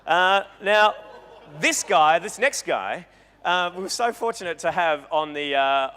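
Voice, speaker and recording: Man, stand-up style speaker, bright edgy tone, loose rambling delivery, reverberant hall recording. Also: high voice, a little slow. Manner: animated, joking, rambling with self-interruptions. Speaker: guest speaker at a live talk event. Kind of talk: comedic storytelling talk. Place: event hall with an audience.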